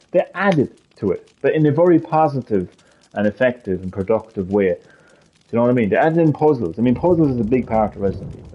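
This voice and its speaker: A man's voice: fairly high pitch, slightly rough, muffled recording. A man live streaming a heated gaming rant, swearing a lot and repeating his points with emphasis.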